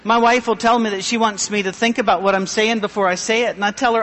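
A middle-aged man pastor giving a humorous, self-deprecating sermon with a thin, high voice. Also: fairly even intonation, fast talker, a bit bright, big-room sound, a little hiss or hum.

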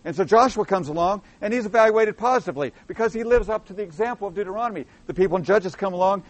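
A man preaching a sermon, acting out the voices of prophets and questioners, rising to loud emphatic lines and then dropping low and soft. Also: no room sound.

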